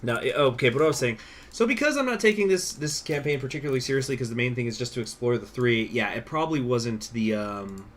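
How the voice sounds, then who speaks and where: A man's voice: mid-range voice, animated, fast talker, slight background noise. A young man live-streaming a strategy game, rambling casually with lots of fillers and swearing.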